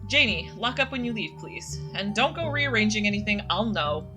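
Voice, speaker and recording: A woman's voice: medium pitch, animated, moderate pace, over music, lightly acted. A woman voicing a stern, impatient adult woman in a game, speaking curtly and bossily. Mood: bossy. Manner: curt, bossy.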